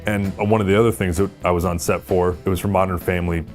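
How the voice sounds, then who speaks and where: A man hosting a casual panel of makeup artists, telling stories in an animated way. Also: deep voice, fast talker, faint music behind. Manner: animated storyteller.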